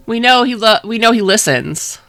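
A woman's voice: on the high side, expressive, moderate pace, a bit bright. A woman co-hosting a podcast, rambling casually with fillers and laughs. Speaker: podcast co-host. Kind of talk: casual chat.

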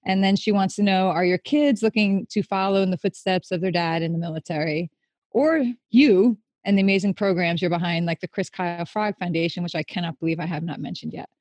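A woman's voice: lowish voice, a little fast, a little mellow, dry recording. A middle-aged woman hosting a casual chat, who laughs easily and reads out listener questions. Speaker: host.

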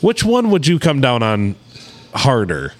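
A man's voice: medium pitch, unhurried. A man co-hosting a podcast, joking in casual banter. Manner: joking, animated, breaks into silly whispered bits. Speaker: podcast co-host. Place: indoor studio.

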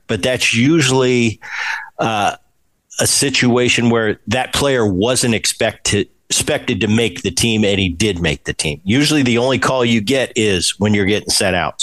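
A man's voice: mid-range voice, normal speed. A man hosting a podcast, a former ballplayer telling stories in casual chat and acting out the quoted exchanges. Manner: animated, acts out quoted exchanges.

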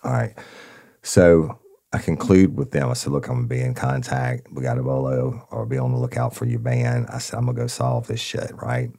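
Male podcast host, very low and gravelly, dark husky tone, lively delivery. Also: moderate pace. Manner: animated retelling with quoted dialogue, addresses listeners as y'all. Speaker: podcast host, former detective. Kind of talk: casual true-crime storytelling.

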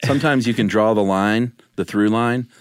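Deep-voiced teasing man, podcast co-host. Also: normal speed, clean tone, no room sound. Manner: teasing, laughs often. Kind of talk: casual chat.

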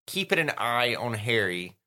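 A man's voice: mid-range voice, very animated, normal speed, sharp tone. A man with a Southern US accent co-hosting a podcast in casual chat, cracking jokes in a dry way. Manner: dry, joking delivery. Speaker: podcast co-host.

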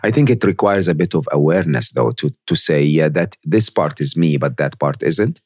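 A man hosting an interview at a guest's home, thoughtful and encouraging, with soft affirming murmurs. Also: rumbling low, lively intonation, normal speed, dry recording, studio quality. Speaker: podcast host. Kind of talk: casual interview.

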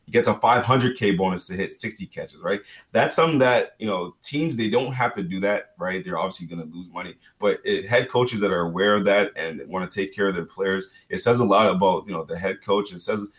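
Male sports analyst guest, lowish voice, loose rambling delivery full of "you know" and "right". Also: a little fast, few pauses. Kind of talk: casual sports talk.

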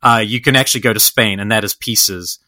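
Bright, eager man rambling about films. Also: lowish voice, fairly quick, dry recording. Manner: enthusiastic, rambling with many fillers. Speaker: podcast co-host. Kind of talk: casual film chat.

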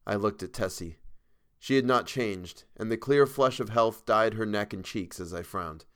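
A man reading a horror story aloud as a podcast narrator, measured and even with a dark dramatic weight. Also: on the low side, smooth.

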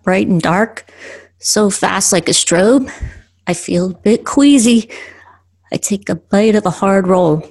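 A woman podcast host reading her own poems aloud in a slow, earnest way with pauses. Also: medium pitch, a little mellow.

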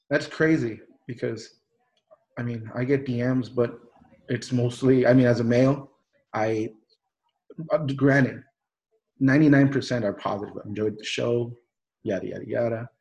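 A man's voice: medium pitch, measured pace, vocal fry, pauses often, a little mellow, lo-fi sound. A man hosting a podcast, chatting loosely with many restarts, fillers and some swearing. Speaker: podcast host. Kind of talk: casual podcast chat.

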